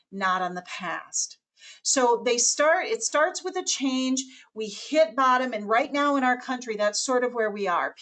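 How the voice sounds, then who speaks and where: This webinar presenter is a woman whose voice runs a touch high. Her teaching manner is assured and lively, and she briefly puts on character voices for the people she quotes.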